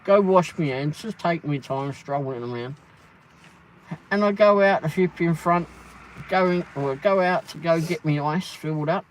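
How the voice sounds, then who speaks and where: A man's voice: fairly high pitch, a little slow, slight background noise, low-quality recording. A man hosting a livestream from a truck cab, telling a casual story full of swearing and the word "flipping". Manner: swears a lot and keeps saying "flipping". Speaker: livestream host.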